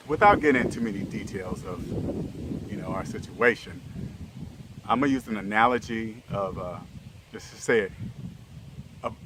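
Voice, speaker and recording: A man's voice: on the low side, fairly bright tone, slight background noise. A man talking casually and earnestly to his viewers, repeating himself often and checking in with "okay?" after his points. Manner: repetitive, keeps checking in with "okay?"; earnest and straightforward. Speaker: relationship vlogger.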